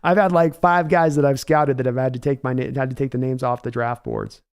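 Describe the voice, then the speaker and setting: A man's voice: mid-range voice, steady tone, fairly quick, clean tone. A man hosting a casual live-stream sports show, reading viewer comments aloud and answering them in a conversational, folksy way. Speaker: podcast host reading chat.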